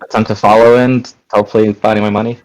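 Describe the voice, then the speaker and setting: A man playing a tabletop game over a video call, cracking jokes. He talks fast, in a fairly low voice. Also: flat delivery, low-quality recording. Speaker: player.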